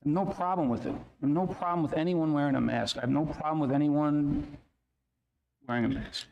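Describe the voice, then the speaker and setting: A man's voice: on the high side, steady tone, moderate pace, creaky, a little mellow, highs cut off. Guy pushing his point at a board meeting, keeps repeating himself, faint hum behind. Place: meeting room.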